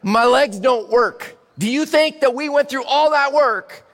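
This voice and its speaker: A man's voice: very high voice, measured pace, fairly bright tone, pitched above the performer's own voice. A man voicing an exasperated, paralyzed young man on a mat who pleads in disbelief, in a sermon. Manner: incredulous, pleading. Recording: long hall reverb.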